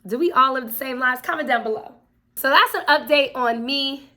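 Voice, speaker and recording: A woman's voice: high voice, normal speed, bright, forceful tone. A young woman vlogging casually at home, chatting to viewers with lots of fillers and asides. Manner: chatty, addresses viewers as y'all, frequent fillers. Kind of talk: casual chat to camera. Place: home room.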